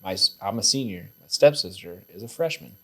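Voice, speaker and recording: A male podcast host telling a story in casual chat, animated, laughing often and swearing freely. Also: lowish voice, a little fast.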